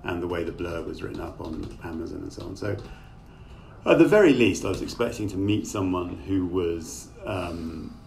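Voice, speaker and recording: A middle-aged author appears as a guest in a video-call interview, thoughtful and rambling with lots of fillers. His low-pitched, darkish voice has vocal fry, lively intonation, and a moderate pace. A remote call microphone captures him distantly with faint noise.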